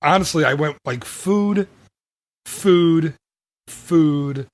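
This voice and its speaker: A man's voice: fairly high pitch, extremely slow, dry recording. A man hosting a travel podcast in casual chat, rambling and laughing often as he corrects himself. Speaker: podcast host.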